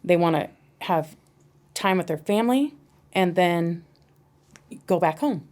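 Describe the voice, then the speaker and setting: A woman's voice: on the low side, expressive, measured pace, darkish tone. A woman who owns a bar and grill, guesting on a casual podcast and explaining her business in a practical, matter-of-fact way with a few hesitant restarts.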